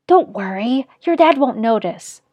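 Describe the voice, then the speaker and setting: A woman's voice: on the high side, lively intonation, unhurried, slightly rough, no echo, muffled recording. A woman voicing a worried middle-aged mother who speaks in a level, soothing voice while reading a story aloud.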